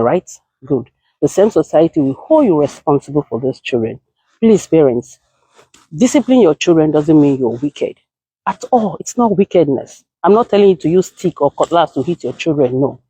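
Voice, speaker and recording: A woman's voice: low-pitched, mellow, slightly rough, dry recording. A woman with a Nigerian accent, a content creator and caregiver, giving emphatic, lecturing advice to camera and slipping into Nigerian Pidgin. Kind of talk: casual advice talk to camera.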